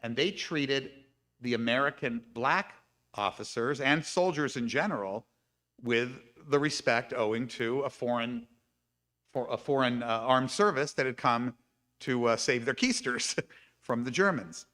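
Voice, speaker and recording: A man speaking at a live-streamed congregation service, his voice bright and clear. He reads book passages aloud and breaks in with his own comments and small laughs. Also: medium pitch, unhurried. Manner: reads quoted passages with asides and light laughs. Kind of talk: reading aloud and commenting in a talk.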